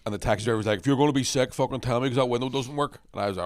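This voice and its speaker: A man's voice: fairly low pitch, fairly even intonation, very fast, few pauses. A young man co-hosting a podcast, telling crude stories through laughter in casual chat. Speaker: podcast co-host.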